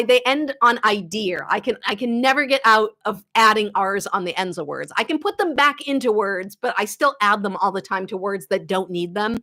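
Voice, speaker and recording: A woman's voice: medium pitch, sharp tone. A woman with a light Boston accent, a guitar teacher chatting casually with viewers in a live-stream Q&A, laughing often. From Boston area, USA.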